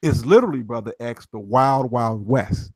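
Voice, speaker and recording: A man's voice: medium pitch, moderate pace, darkish tone, husky, no room sound. A man from Chicago talking emphatically as a guest commentator, in casual street slang.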